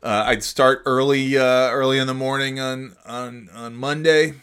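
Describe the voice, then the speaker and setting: A man's voice: mid-range voice, fairly even intonation, normal speed, fairly bright tone, smooth. A man hosting a casual solo podcast, rambling through his thoughts with frequent restarts, swearing and chuckles. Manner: chuckles often between phrases. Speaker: podcast host.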